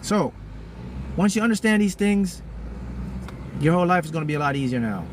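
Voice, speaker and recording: A man teaching manifesting to a live audience in an emphatic, repetitive style, often jumping into loud, high-pitched bursts. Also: expressive, brisk, noisy background. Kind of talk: motivational talk to a live audience.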